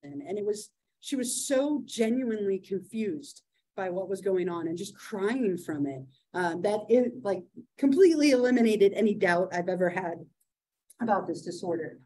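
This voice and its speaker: A woman's voice: medium pitch, animated, normal speed, mellow, slight background noise, low-quality recording. A woman in her thirties, a psychology instructor telling a case story to a class, chatty, with many fillers and "right?" asides.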